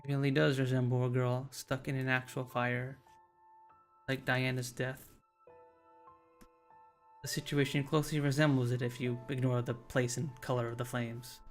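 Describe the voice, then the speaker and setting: Brief: a male streamer reading visual novel narration aloud; casual delivery, mid pitch, stumbles and restarts. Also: flat delivery, normal speed, long pauses, soft background music.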